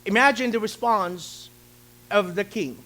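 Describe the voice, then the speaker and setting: A male pastor preaching a lively sermon, acting out the story's characters and calling out questions to his congregation. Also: sits high, unhurried. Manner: theatrical, asks the congregation questions. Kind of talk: animated sermon with acted-out voices.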